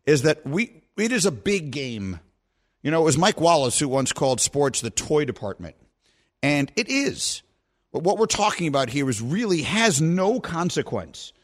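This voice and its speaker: A middle-aged man is hosting a sports radio show into a studio mic, teasing a colleague one moment and talking at length in a reflective way the next. His voice sits a touch high and swings widely in pitch. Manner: teasing, then reflective and wordy. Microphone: studio microphone.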